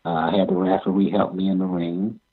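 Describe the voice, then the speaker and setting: An older man recounts his wrestling days in a low, gravelly, husky voice. He talks haltingly, circles back on his words and chuckles as he goes. The sound is thin and tinny, like a phone line. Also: flat delivery. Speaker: amateur pro wrestler. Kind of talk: interview storytelling.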